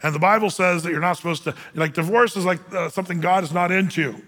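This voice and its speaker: A man's voice: high-pitched, steady tone, fast talker, a bit bright, big-room sound. A male pastor preaching a sermon in a loose, conversational way, often restarting and repeating words.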